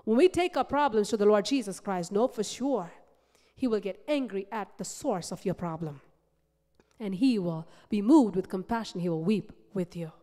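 Speaking at normal speed, a woman delivers a passionate sermon in a church sanctuary, emphatic and repetitive in her phrasing. She alternates loud build-ups with soft, low passages, and the hall adds a long reverb.

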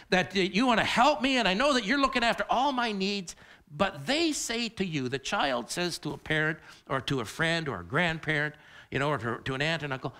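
A middle-aged male pastor preaching a sermon, animated and repeating words as he builds his point. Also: sits high.

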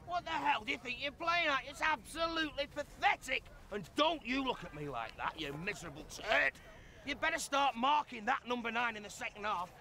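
An enraged, foul-mouthed football coach tears into his players in a high, piercing, swinging voice. He shouts abuse and threats without pause. Faint noise sits behind him. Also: heavily acted. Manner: furious, abusive, shouting tirade. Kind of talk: film acting.

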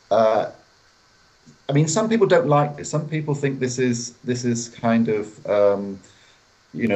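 A man being interviewed as a guest author over a video call, explaining in a measured way and acting out example phrases. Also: medium pitch, darkish tone, low-quality recording. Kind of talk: interview answers. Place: hotel room.

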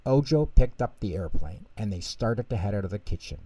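Man, bedtime story reader, low voice, lively lilt. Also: a little fast, no echo.

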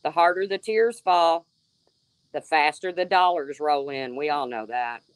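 A woman's voice: low voice, measured pace, smooth, no room sound. A woman hosting a livestream, sarcastically calling out a rival and answering her chat by name. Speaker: livestream host. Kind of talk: confrontational livestream rant.

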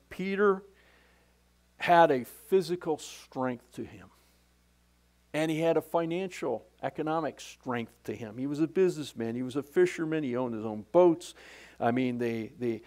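Middle-aged man, pastor, casual folksy sermon, somewhat high voice, frequent restarts. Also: darkish tone.

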